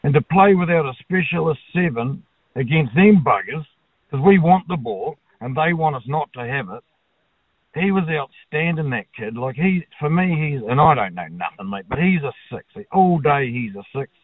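A man's voice: a little high, lively intonation, normal speed, dry recording. A blokey New Zealand man rings in to talkback radio and gives his opinion bluntly, with casual swearing. His voice comes down a tinny, phone-like line and sounds dry, with no room around it. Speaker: caller.

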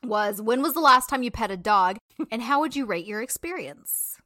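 A woman's voice: on the high side, expressive, normal speed, pushed and bright. A young adult woman co-hosting a podcast in casual chat, swearing and laughing often. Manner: laughing, swearing, giggly banter. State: laughing to tears. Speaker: podcast co-host.

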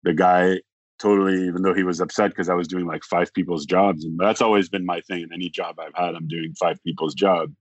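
A man talking as a podcast guest, telling a long story in a rambling way, acting out the other people's lines and filling pauses with "like". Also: deep voice, steady tone, dry recording, lo-fi sound. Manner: rambling, acts out quoted dialogue, frequent "like". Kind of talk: casual storytelling.

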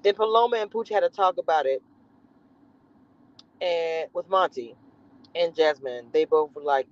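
A woman's voice: low voice, a little slow, long pauses. A woman with a Southern US accent, chatting sassily and animatedly to her viewers on a livestream from her car. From Southern United States. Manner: animated, sassy, laughing. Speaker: livestream host. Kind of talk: casual livestream chat. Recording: dull lo-fi livestream audio.

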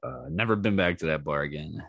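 A man with a fairly low voice tells rowdy stories of his own on his podcast. He acts out every quoted line, jumping up loud for the shouting parts. He curses freely and keeps laughing at himself, recorded dry and close with no room sound. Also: brisk, vocal fry, no echo, lo-fi sound. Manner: animated, acts out quoted lines in raised voices. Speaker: podcast host. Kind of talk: casual storytelling monologue.

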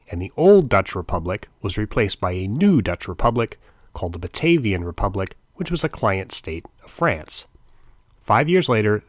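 A middle-aged man with a lowish voice narrates history for his podcast. His delivery is scripted but informal, full of dry, wry asides. The sound is close and dry, with no room around it. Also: no echo.

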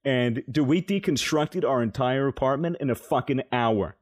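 A man's voice: mid-range voice, moderate pace. A young man casually telling a rambling, swear-filled story on a podcast, laughing as he goes. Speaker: podcast co-host.

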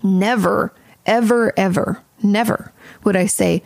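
A woman's voice: mid-range voice, normal speed, vocal fry, a little mellow, no room sound. A woman therapist hosting an advice podcast, talking in a chatty, frank way and swearing casually.

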